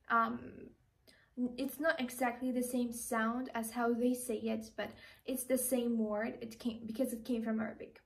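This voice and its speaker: A young woman from Iraqi Kurdistan teaching an online language lesson, speaking slowly and repeating each word with care. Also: fairly high pitch, distant mic, poor audio. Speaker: language tutor.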